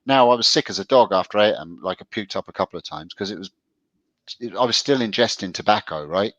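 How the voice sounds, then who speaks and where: A man co-hosting a relaxed chat show, telling his stories with a voice that swings up and down a lot. The recording sounds dull and lo-fi, with a dry, close sound and no room echo. He laughs easily and rambles through his anecdotes. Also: fast talker. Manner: chatty storyteller, laughs often, lively pitch. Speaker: co-host. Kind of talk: casual chat.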